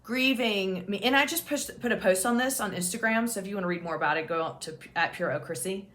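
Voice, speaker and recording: A woman's voice: medium pitch, fast, a bit bright. A woman hosting her own channel as a peer support specialist, telling a personal story to camera in a frank, casual way, swearing freely and laughing at herself.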